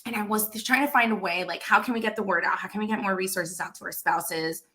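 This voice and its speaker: A woman in her thirties, founder of an association, telling a casual story full of fillers and lively quoted dialogue. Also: mid-range voice, fast. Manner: chatty, lots of fillers, animated quoted dialogue.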